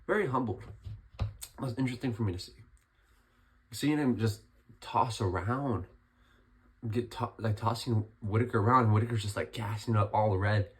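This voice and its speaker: Young guy, hoarse voice after being sick, lowish tone, chatty fight breakdown vlog. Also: moderate pace, pauses often. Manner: chatty, rambling, lots of restarts. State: hoarse, recovering from illness. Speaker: MMA commentary vlogger.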